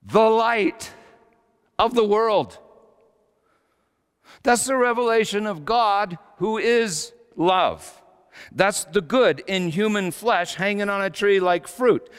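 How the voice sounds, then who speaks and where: A pastor preaching a sermon, swinging between loud exclamations and hushed asides. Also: male voice, high voice, smooth. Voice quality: slight whistle on a false tooth. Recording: long echoing hall reverb.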